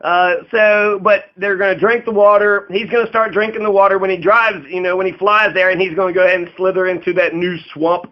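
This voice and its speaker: A man's voice: high-pitched, level tone, fairly quick, hardly any pauses. A man giving casual political commentary, rambling and profane, laughing often and acting out quotes in a raised voice. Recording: dull lo-fi audio.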